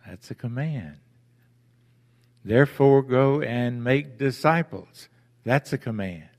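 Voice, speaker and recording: A male pastor delivers a sermon at an unhurried, measured pace, punching key phrases with emphasis. He often turns to rhetorical questions for his listeners. His voice carries a long reverb from a church sanctuary. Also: medium pitch, lively intonation.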